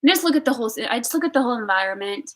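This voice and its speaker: A young woman telling a personal story on a live stream, candid and emotional, swinging between loud outbursts and hushed whispers. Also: fairly high pitch, animated, racing, low-quality recording. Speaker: vlogger.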